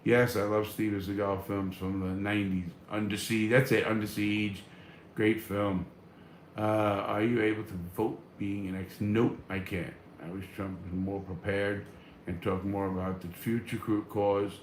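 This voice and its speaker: A man's voice: fairly low pitch, flat delivery, measured pace, reverberant, a little hiss or hum. A man hosting a casual live stream, reading viewer comments and answering in a blunt, profane, fired-up way.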